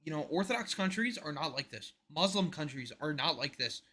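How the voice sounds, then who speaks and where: A man on a podcast talks in a bright, ringing, fairly high voice. He is emphatic and rambles through his opinions, dropping his voice to a mutter as each point ends. The tone is casual and conversational. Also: lively intonation, fairly quick. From United States. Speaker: podcast co-host.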